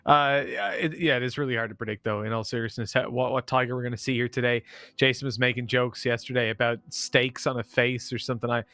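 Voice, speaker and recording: A man's voice: medium pitch, fairly even intonation, fast, sharp tone, dry recording, studio quality. A man on an esports panel offering wry, lightly joking analysis. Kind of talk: casual panel banter.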